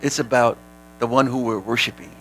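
A man preaching a sermon as pastor, animated, sometimes shouting, and laughing with his congregation. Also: mid-range voice, brisk, breathy edge, rough recording.

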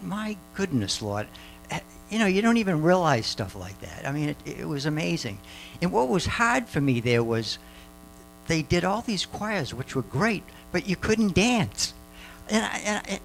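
An older man gives a rambling church testimony, circling back with fillers and restarts. His voice swings widely in pitch as he talks. Faint music plays behind him. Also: gravelly, rough recording. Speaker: mission trip speaker.

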